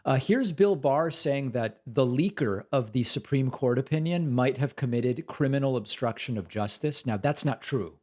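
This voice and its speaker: A man hosts a political commentary show, reacting to clips with dry sarcasm. His voice sits at an ordinary middle pitch and his delivery is casual and mocking. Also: lively intonation, normal speed, hardly any pauses, darkish tone. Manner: sardonic, mocking.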